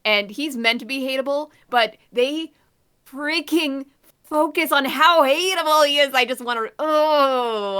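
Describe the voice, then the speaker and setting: A woman with a bright, forceful voice pitched a touch high, chatting casually as a podcast co-host. She rants in a blunt, exasperated way. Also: measured pace.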